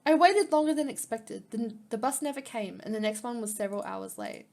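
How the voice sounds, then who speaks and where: A woman's voice: on the high side, animated, fairly quick, a little mellow. A woman reading a visual novel game aloud, reacting emotionally with gasps and near tears. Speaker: gaming YouTuber.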